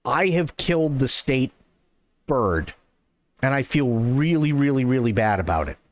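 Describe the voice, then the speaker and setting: A male streamer telling a long story in a rambling, run-on way, with excited self-quotes. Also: medium pitch, unhurried. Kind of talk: casual storytelling.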